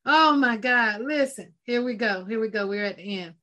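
Fervent high-voiced woman preaching a sermon. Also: moderate pace, pushed and bright. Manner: fervent, emphatic, repeats phrases, exclaims often.

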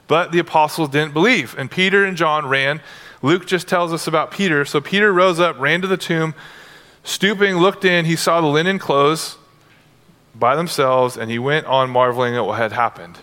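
Lively male pastor, bright, echoing hall. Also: a little high, normal speed. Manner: animated, acts out Bible scenes in casual modern talk. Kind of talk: conversational sermon. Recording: long hall reverb.

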